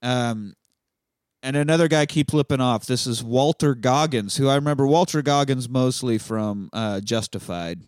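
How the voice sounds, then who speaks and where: A man's voice: medium pitch, normal speed, darkish tone, no room sound, studio quality. A man hosting a podcast, telling a movie's story in a loose, joking, profane way. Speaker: podcast host recapping a film. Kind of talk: casual profane chat.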